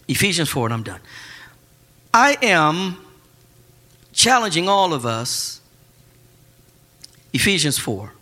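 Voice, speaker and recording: A man preaching a Sunday sermon, animated and joking, breaking into shouts at the high points. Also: husky. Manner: casual churchy speech with slang. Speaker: pastor.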